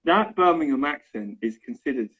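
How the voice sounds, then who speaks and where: Husky Estuary English man, chatty. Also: mid-range voice, lively intonation, normal speed, fairly bright tone, muffled recording. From London. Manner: chatty, keeps checking in with "right?" and "okay?". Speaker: English teacher, interview guest. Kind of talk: casual explanatory chat.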